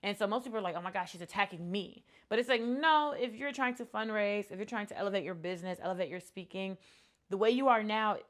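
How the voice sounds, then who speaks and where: A woman's voice: medium pitch, fast. A woman in her thirties talks straight to camera about what she has learned running a business. Her delivery is earnest and reflective, loose and conversational, with frequent ums and restarts. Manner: earnest, reflective, many fillers. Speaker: entrepreneur vlogger. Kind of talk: casual talk to camera.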